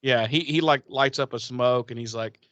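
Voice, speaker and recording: A man's voice: mid-range voice, normal speed, fairly bright tone, no room sound, muffled recording. A man casually recapping a TV episode on a podcast, rambling, swearing and acting out the characters' lines. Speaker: podcast co-host.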